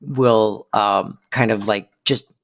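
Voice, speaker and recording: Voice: mid-range voice, slow pace, vocal fry. Rambly podcast co-host, lots of likes and ums, keeps laughing. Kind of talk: casual recap chat.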